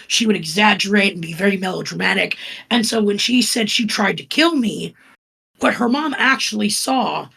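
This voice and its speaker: Podcast guest: woman from Florida with a gravelly, husky voice, calm casual storyteller full of fillers. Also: medium pitch, rough recording. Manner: calm, even telling with many fillers.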